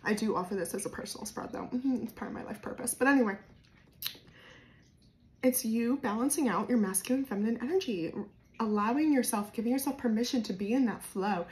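A woman's voice: on the high side, a little fast. Chatty woman with a Jersey accent. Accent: New Jersey. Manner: chatty and spontaneous, with many fillers and sudden swings between soft and loud. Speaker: tarot reader. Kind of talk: casual tarot reading to camera.

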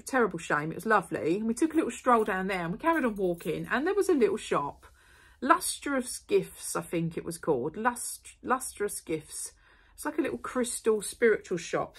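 A middle-aged woman, chatting casually to camera as she unboxes and shows off purchases, rambling with quick asides and apologies. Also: medium pitch, fairly bright tone. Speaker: vlogger.

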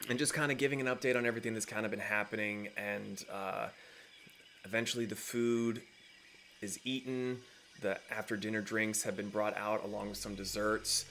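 A man's voice: lowish voice, fairly even intonation, normal speed, sharp tone, slight background noise. A man narrating as game master in a tabletop game, rambling with many fillers.

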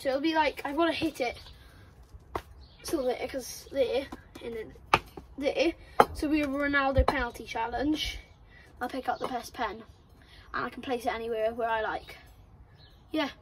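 A woman's voice: high-pitched, slight background noise. A young woman, vlogging football shots in her garden, chatty, self-mocking and out of breath. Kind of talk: casual outdoor football vlog. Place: garden, outdoors.

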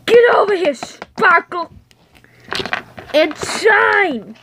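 A woman doing shrill dramatic mother pony Sparkle. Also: very animated, extremely slow, noisy background, exaggerated voice. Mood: bossy.

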